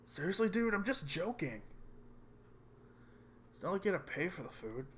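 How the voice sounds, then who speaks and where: A man's voice: sits high, sing-song, normal speed, slight background noise, voice pushed up. A man voicing a playful young male student who is a cheeky prankster, with a raised, livelier voice. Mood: teasing. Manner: cheeky, joking.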